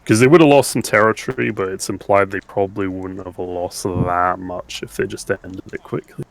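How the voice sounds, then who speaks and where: A young man with a very low voice chats while playing a game together with a friend. He talks on freely and laughs easily, in a loose, easy manner. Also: steady tone, normal speed, creaky, rough recording. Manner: chatty, laughs often. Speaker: let's play co-host. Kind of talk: casual gaming chat.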